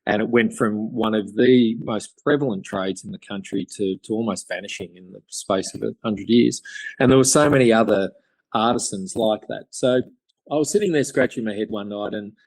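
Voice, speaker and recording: A man's voice: on the low side, normal speed, darkish tone, dry recording. A middle-aged Australian man telling stories in a podcast interview, rambling with many fillers and restarts. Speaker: guest chairmaker.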